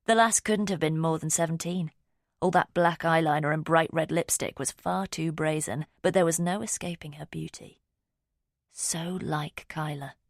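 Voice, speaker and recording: A woman reading a mystery audiobook in a steady, measured storytelling voice. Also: sits low, no echo, studio quality. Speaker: audiobook narrator. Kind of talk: scripted narration.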